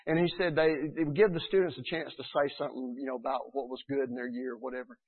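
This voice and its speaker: A man preaching a sermon in an earnest, animated way, acting out the people he quotes. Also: medium pitch, quick pace, husky. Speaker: pastor. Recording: tinny phone-like sound.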